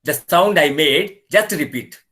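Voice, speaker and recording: An older man with an Indian English accent instructs a webinar on laughter yoga over a video call. His voice sits a little high, and he repeats himself earnestly while demonstrating the laughs. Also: animated, unhurried, sharp tone.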